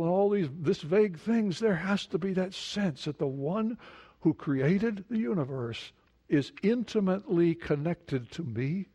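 A man's voice: high-pitched, expressive, a little slow, mellow, husky. A man preaching a sermon, asking the congregation questions and repeating words for emphasis. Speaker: pastor. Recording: long hall reverb.

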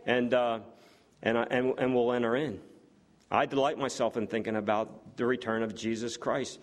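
A man preaching a sermon, earnest and building to excited exclamations, with frequent fillers and restarts. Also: mid-range voice, normal speed.

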